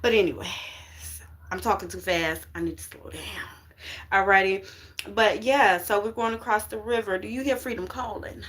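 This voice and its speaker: A woman's voice: medium pitch, moderate pace, a bit bright. Woman spiritual reader, casual live stream, call-and-response preaching, uplifting slang. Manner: call-and-response, repeats "you get what I'm saying". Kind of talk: casual livestream tarot reading.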